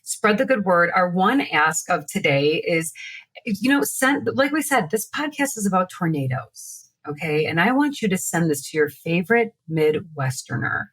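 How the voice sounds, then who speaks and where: Husky-voiced woman co-hosting a podcast. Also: lowish voice, animated, normal speed, a bit bright. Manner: rambling, joking, laughs often. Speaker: podcast co-host. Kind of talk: casual chat.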